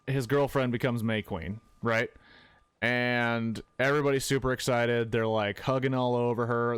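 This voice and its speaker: A young man casually retelling a movie for laughs, swearing freely and jumping into quick voices for the characters. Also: medium pitch, clean tone, dry recording. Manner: loose and profane, acting out characters in quick quoted voices. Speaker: streamer retelling a film. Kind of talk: casual comedic movie recap.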